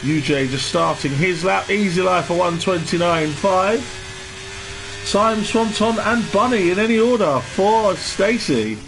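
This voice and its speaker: A man giving relaxed live commentary on an online race and greeting viewers in the chat. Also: high-pitched, unhurried, creaky. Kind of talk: live sim-racing commentary. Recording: noisy stream with engine sound behind.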